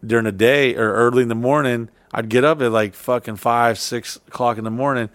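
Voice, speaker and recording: A man's voice: medium pitch, steady tone, a little fast, a bit bright, no room sound. A man hosting a podcast, telling rambling stories in casual, profane chat. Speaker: podcast host.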